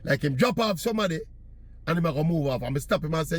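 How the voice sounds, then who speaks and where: A man's voice: fairly high pitch, lively intonation, quick pace. A man from Jamaica with a Jamaican accent, chatting in patois as he tells a casual story. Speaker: vlogger.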